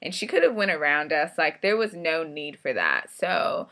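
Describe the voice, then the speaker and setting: A woman's voice: low-pitched, expressive, moderate pace, bright, forceful tone. A woman vlogger telling a story in a casual, blunt, profane and frustrated way.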